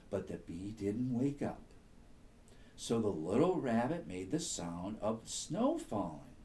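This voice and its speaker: A man reading a bedtime story aloud to children in a soothing, very expressive way. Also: medium pitch, slight background noise.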